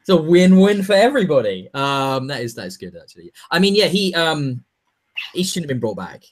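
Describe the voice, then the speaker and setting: A man co-hosting a podcast in casual chat, animated and jokey, talking in quick bursts. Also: on the high side. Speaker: podcast co-host.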